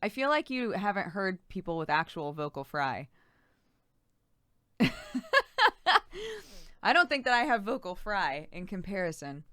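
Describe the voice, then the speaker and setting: Bright, crisp-voiced woman streamer. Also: lowish voice, very animated, measured pace, long pauses, no echo, clean studio sound. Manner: chatty, giggly, thanking subscribers. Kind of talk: casual live-stream chat.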